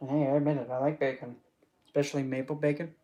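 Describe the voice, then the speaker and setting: A streamer rambling loosely through a casual livestream chat, often giggling and breaking into exclamations. They talk back to viewers with teasing pet names, in a voice of middling pitch. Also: little pitch movement, quick pace, dark tone, muffled recording. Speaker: streamer hosting an open chat.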